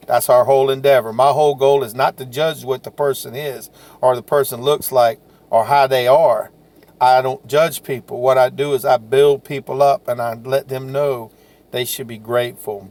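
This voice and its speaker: A man's voice: mid-range voice, fairly even intonation, moderate pace, darkish tone. A salesman giving a folksy, repetitive, encouraging motivational talk to camera.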